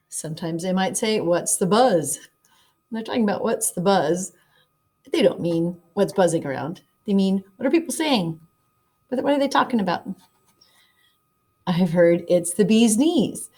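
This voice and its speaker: A woman teacher giving a read-aloud lesson to children, explaining sayings slowly and plainly. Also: mid-range voice, a little mellow. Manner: friendly, explaining slowly to kids. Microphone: document camera setup, teacher at desk.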